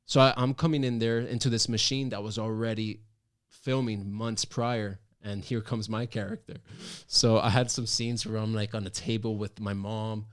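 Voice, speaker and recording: A man in his thirties, hosting his own talk show, tells a personal story in casual chat, animated and emphatic with many restarts. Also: on the low side, normal speed. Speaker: podcast host.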